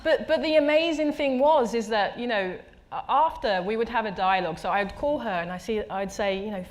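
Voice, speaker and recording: A woman's voice: a little high, brisk, hardly any pauses, slight background noise. A woman in her thirties speaks as an artist guest on a live talk stage. She tells her stories reflectively, often restarting and repeating her words, and acts out the voices she quotes. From England. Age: 30s. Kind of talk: conversational storytelling at a live talk.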